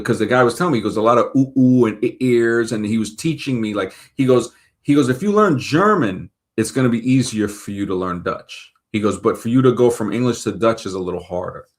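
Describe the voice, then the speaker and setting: A man from Brooklyn talks in a low-pitched voice. He rambles in a loose, off-the-cuff monologue, thinking aloud as he goes. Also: a little fast. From Brooklyn, New York. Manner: rambling, thinking aloud, checks facts while talking. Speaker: show host. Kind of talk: casual monologue.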